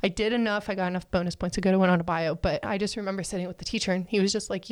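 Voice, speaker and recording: Animated young woman telling a story. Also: mid-range voice, fast talker, few pauses, no room sound. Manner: animated storyteller, acts out quoted voices, laughs often. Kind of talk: casual personal story.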